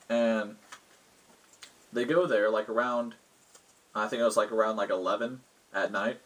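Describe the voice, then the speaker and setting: A man's voice: lowish voice, measured pace, pauses often, rough recording. A man, the host, casually retelling a tabletop game session he ran, rambling with lots of fillers. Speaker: game master recounting a session. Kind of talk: casual storytelling.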